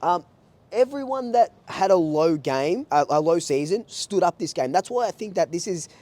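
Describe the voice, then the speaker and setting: A young Australian man reviews a football match for his vlog in a warm, mellow voice. He talks with passion and rambles freely, often restarting a sentence or repeating a phrase as he goes. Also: high-pitched, lively intonation, normal speed. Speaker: football fan channel host.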